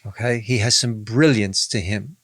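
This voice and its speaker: A man's voice: on the low side, moderate pace, fairly bright tone, no echo, clean studio sound. A man, a rabbi, in a podcast discussion, speaking emphatically, repeating key phrases and reading scripture aloud.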